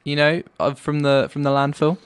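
A man co-hosting a comedic podcast, musing in a hesitant, deadpan way. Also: a little high, normal speed, clear, resonant tone. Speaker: podcast co-host. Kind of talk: casual comedic podcast chat.

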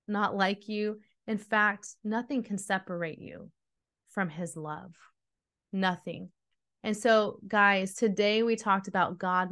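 A woman's voice: mid-range voice, fairly bright tone. A woman hosting a devotional teaching, earnest and emphatic, speaking straight to her listeners. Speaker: podcast host and Bible teacher.

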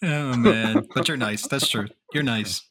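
A man's voice: medium pitch, unhurried, a bit bright. A man hosting a casual podcast chat, joking, swearing and laughing often. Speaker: podcast host.

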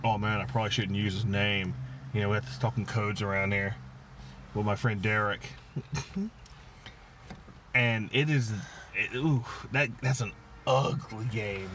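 A man with a fairly low voice chats loosely on a homemade podcast. He rambles, jokes at his own expense and lets sentences trail off. A faint hiss runs under the lo-fi recording. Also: steady tone, takes it slowly, pauses often, a bit bright. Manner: rambling, self-mocking, trailing off. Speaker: podcast co-host. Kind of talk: casual chat.

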